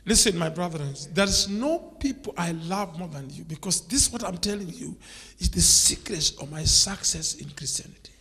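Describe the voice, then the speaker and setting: A man with a Kenyan English accent preaching a sermon as a bishop, repetitive and swinging between soft murmurs and loud exclamations. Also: sits high, animated, moderate pace. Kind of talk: sermon with live interpretation. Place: church. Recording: church hall with long reverb.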